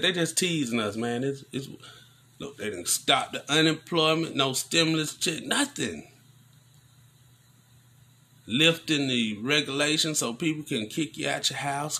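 A man giving casual news commentary on a vlog, preaching in animated rants full of slang. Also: medium pitch, gravelly, a little hiss or hum.

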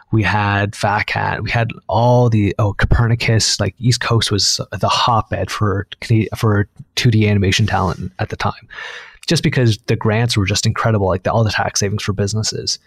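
A man from eastern Canada, an animator, telling his career story in a rambling, animated way, full of "like" and acted-out quotes. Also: lowish voice, no room sound. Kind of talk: casual storytelling chat.

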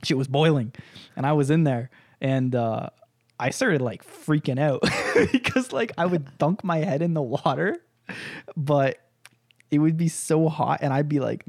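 A man on a casual podcast, spinning a wild personal story with loose, crude energy and frequent laughter. His voice sits a little higher than most men's, and the sound is close and dry. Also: a little slow, no echo. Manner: animated, laughs often, crude. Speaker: podcast co-host.

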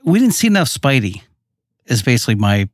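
A man's voice: medium pitch, sing-song, brisk, no echo, studio quality. Wry man in casual podcast chat. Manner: wry, joking asides. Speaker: podcast co-host. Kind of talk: casual comic book discussion.

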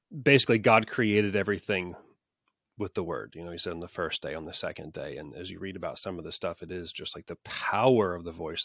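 A man hosting an interview, with a very low voice. He speaks thoughtfully and hesitantly. The recording is dry and close, with no room sound. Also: fairly bright tone, no echo. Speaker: podcast host. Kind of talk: casual interview talk.

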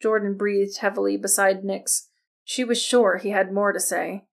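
A woman narrating a novel as an audiobook, reading in a steady, even storytelling manner. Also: medium pitch, normal speed, gravelly. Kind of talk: scripted narration.

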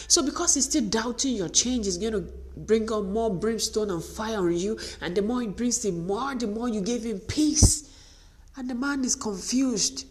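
A woman's voice: a little high, normal speed, a little mellow. A woman giving an earnest, emphatic, faith-based motivational talk to wives. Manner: earnest, emphatic, repetitive exhortation.

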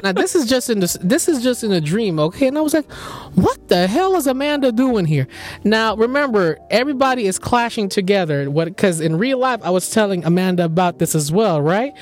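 A man's voice: high voice, lively intonation, a little fast, hardly any pauses. A young man hosting a podcast, animatedly telling a dream story with laughs, casual chat among friends. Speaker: podcast host.

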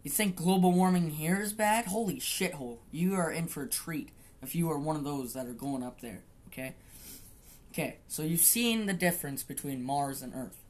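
A woman's voice: deep voice, normal speed, darkish tone. A woman hosting a solo podcast, rambling casually and swearing, with frequent laughter. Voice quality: profane, rambling, laughs often. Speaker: podcast host.

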